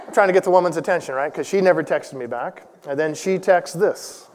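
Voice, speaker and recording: Male preacher, 40s, slightly higher voice, chatty and self-mocking, long hall reverb. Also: fast, hardly any pauses. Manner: conversational storytelling with self-deprecating humor. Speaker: church elder preaching. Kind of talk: sermon.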